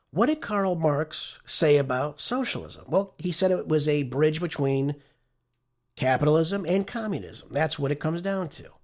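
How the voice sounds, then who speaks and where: A man hosting a political talk show, delivering opinionated, conversational commentary and often tagging his points with "right?". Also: fairly high pitch.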